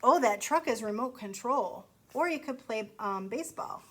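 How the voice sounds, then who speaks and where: A woman's voice: on the high side, expressive, moderate pace, background noise. A woman reading a picture book aloud to children in a sing-song way, stopping to ask them questions. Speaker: storytime reader.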